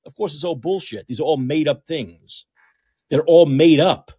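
A man's voice: on the high side, normal speed, mellow, breathy edge, no room sound. A man hosting a podcast with opinionated political commentary, talking in a sarcastic, mocking, repetitive way. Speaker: podcast host.

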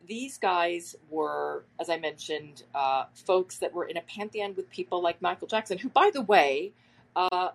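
Podcast host, easygoing and chatty, with a gravelly fry and a husky edge. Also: mid-range voice, low-quality recording. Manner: conversational, loose and chatty. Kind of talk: casual spoken commentary.

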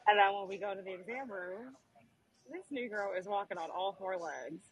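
A woman in casual podcast chat, an animated storyteller who acts out the voices of the people she quotes. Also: medium pitch, moderate pace, rough recording.

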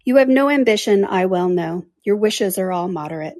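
A woman reading aloud, voicing an eager, passionate young woman in an animated, emphatic manner. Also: medium pitch, moderate pace, no room sound, clean studio sound, close to an everyday voice. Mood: teasing.

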